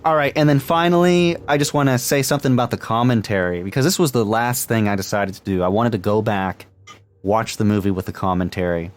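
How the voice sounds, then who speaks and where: Podcast co-host, male, lowish voice, easygoing rambling chat with light laughter. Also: a little fast. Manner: chatty, laughs often, many fillers and restarts. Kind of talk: casual movie podcast chat.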